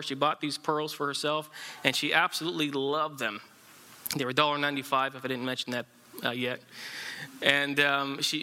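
Guy preaching, really bright voice, kinda high, lots of uhs and restarts. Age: adult, married. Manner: halting, many fillers and restarts. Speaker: pastor. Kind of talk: sermon with an illustrative story.

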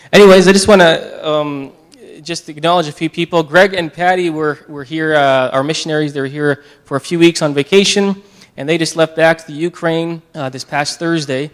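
A man leading a church service as pastor, praying and giving announcements in a halting way with many restarts, getting tearful. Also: fairly high pitch, steady tone, smooth.

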